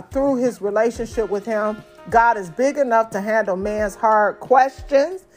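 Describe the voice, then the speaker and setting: A woman preaching a sermon in a conversational, folksy way, addressing the congregation directly. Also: on the high side.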